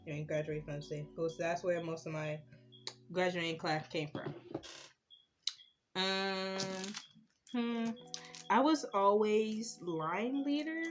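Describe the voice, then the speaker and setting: A young woman, chatting casually about her school years while doing her makeup. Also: fairly low pitch. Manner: chatty, animated when retelling stories. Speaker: beauty vlogger.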